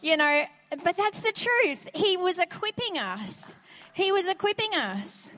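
Woman guest preacher, high voice, energetic conversational sermon, church reverb. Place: church sanctuary. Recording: church sanctuary with long reverb.

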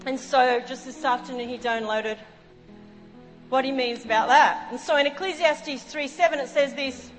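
A woman pastor preaching a sermon, telling a story and acting out what people said, with animated exclamations. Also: sits high, normal speed, in a large hall, faint music behind, rough recording. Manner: animated, acts out quotes, exclaims.

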